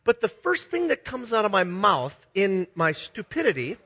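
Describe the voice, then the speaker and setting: A middle-aged pastor from Minnesota tells self-deprecating stories in a sermon, confessional and chuckling as he goes. His high-pitched voice swings widely in pitch, sounding pushed, bright, and breathy-edged at a moderate pace.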